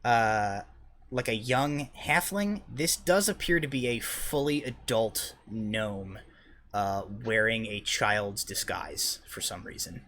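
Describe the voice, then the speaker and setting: A man's voice: on the low side, slow, fairly bright tone, a little hiss or hum. Easygoing rambling male dungeon master. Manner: rambling with many fillers and restarts, easygoing. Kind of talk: narrating a tabletop game.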